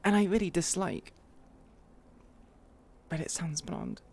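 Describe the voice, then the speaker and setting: Low-voiced woman streamer just chatting into her mic, swears a lot, laughs at herself. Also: huge pitch swings, takes it slowly, vocal fry, darkish tone, husky. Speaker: streamer hosting a roleplay show. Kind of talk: casual live-stream chat. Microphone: own streaming microphone.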